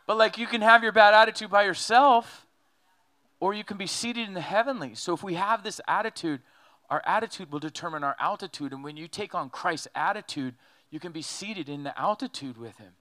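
A man preaching a sermon in an animated, joking way, acting out quotes as he goes. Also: high voice, a little fast. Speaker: pastor.

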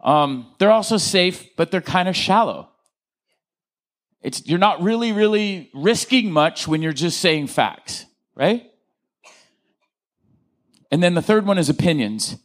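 A male pastor preaching a lively sermon, joking with the congregation and asking them to answer back. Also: high-pitched, unhurried, pauses often. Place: church.

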